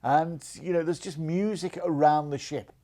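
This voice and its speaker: A man's voice: on the high side, fairly even intonation, normal speed, warm tone. Upbeat male TV cruise presenter. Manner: enthusiastic and salesy, full of fillers like "you know". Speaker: host of a cruise deals TV show. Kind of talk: chatty TV sales presentation.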